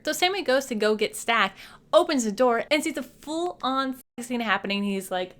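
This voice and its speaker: Recapping a film at a moderate pace, a young woman reviewer uses a high-sitting voice, lots of slang, and a playful, casual style. She's lively and keeps switching between different voices.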